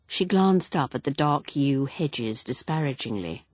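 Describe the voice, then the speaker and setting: A woman narrating a mystery novel as an audiobook, measured and expressive. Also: very deep voice, husky, no room sound.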